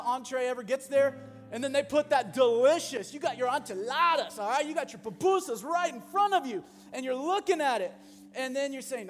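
A male pastor preaching a sermon, animated, swinging from loud bursts to hushed asides. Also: very high-pitched. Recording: long hall reverb with music behind.

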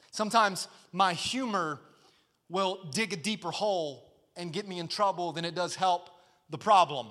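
A man preaching a sermon as pastor, with energetic, punchy delivery that builds in emphasis. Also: high-pitched, measured pace, long pauses. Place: church sanctuary. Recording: long hall reverb.

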